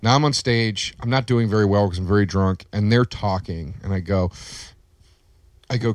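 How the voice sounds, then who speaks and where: A man's voice: on the low side, moderate pace, dry recording. A male comedian telling a story in casual podcast talk, acting out the quotes with plenty of life.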